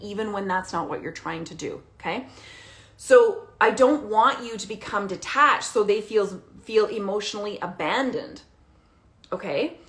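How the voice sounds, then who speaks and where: A woman coaching parents directly, animated and emphatic, often checking in with a quick "okay?". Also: medium pitch. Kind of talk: direct-to-camera coaching talk.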